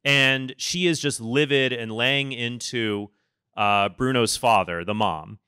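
Guy in his 30s giving a talk, bright clear voice, dry close sound, tells stories and does the voices. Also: medium pitch, slow, dry recording. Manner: lively storytelling, acts out quoted voices. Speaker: conference speaker.

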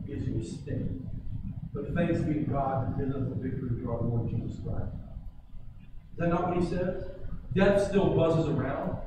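A man preaching a sermon as pastor, shifting between forceful emphasis and quiet, slowed lines. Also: a little high. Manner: builds to forceful emphasis then drops quiet. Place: church sanctuary. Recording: echoey church hall, distant mic, background noise.

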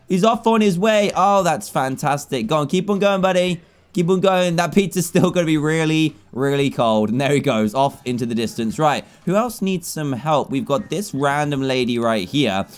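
A young man in his twenties giving excitable, jokey let's-play commentary, laughing often as he plays. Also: fairly high pitch, moderate pace, soft background music. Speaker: gaming YouTuber.

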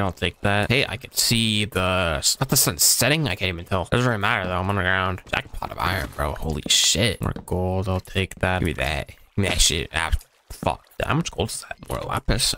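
Guy narrating his gameplay, kinda low voice but bright and punchy, swears a lot, just talking to himself. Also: slight background noise. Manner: chatty running self-talk, swears casually. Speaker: gaming channel host. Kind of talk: casual gameplay commentary.

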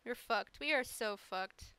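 A woman's voice: on the high side, pushed and bright, smooth, no echo. A woman streaming and chatting casually to her viewers, laughing often and swearing freely. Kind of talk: casual live-stream chat.

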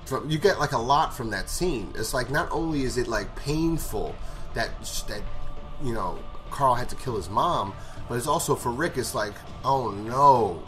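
A man's voice: medium pitch, lively intonation, moderate pace, a bit bright, faint music behind. Profane rambling man recapping a show. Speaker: show reviewer. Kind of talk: casual episode recap.

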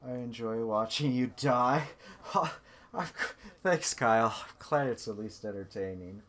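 A man's voice: medium pitch, unhurried, fairly bright tone. A man streaming a game and chatting casually with a teammate, full of sarcastic, self-mocking banter, on a desktop microphone. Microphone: desktop USB microphone.

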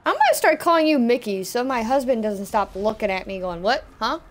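A young woman gaming with friends over voice chat, giggly and excitable, swearing often. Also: fairly high pitch, brisk, faint music behind. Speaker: gamer in voice chat. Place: at home on online voice chat.

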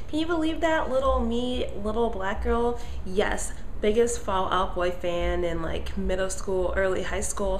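A woman's voice: medium pitch, slight background noise, low-quality recording. A young adult woman talks through her home cooking in a loose, chatty vlog style. She keeps calling her viewers y'all and rambles easily from one thing to the next. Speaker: vlogger. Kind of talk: casual vlog chat. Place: at home, cooking in the kitchen and living room.

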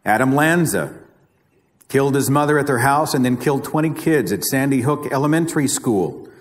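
In a reverberant lecture hall recording, a man with an Oklahoma accent, from Oklahoma, USA, speaks as a guest at a live public talk. His mid-range voice is expressive at a normal speed, and he is emphatic and dramatic, repeating phrases for effect.

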